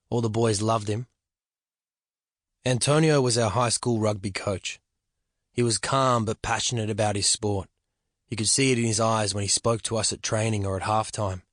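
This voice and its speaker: A man reading a literary novel aloud in the first person, reflective and measured, at a close studio microphone. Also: fairly low pitch, no echo. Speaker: audiobook narrator.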